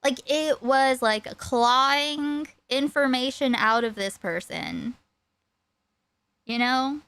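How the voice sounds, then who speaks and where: Slow, smooth-voiced woman rambling a story. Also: high voice, no room sound. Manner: rambling, animated retelling. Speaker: streamer. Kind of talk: casual storytime chat.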